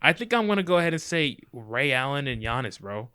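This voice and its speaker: Brash young man with a bright voice. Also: medium pitch, big pitch swings, brisk, clean tone. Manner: brash, swears casually. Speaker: podcast co-host. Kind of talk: casual sports chat.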